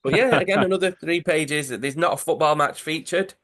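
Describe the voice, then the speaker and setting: A man's voice: a little high, fairly quick. Give me a man on a podcast animatedly retelling a comic story. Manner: animated, acts out characters' lines. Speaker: podcast co-host. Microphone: video call.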